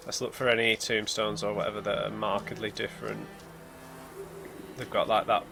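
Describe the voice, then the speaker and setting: Gravelly and fairly low, with little pitch movement, his voice proceeds at a moderate pace and pauses often as he works through a blind playthrough of a story game. He mulls over clues and mutters to himself while eerie music and hymns play amid a noisy background.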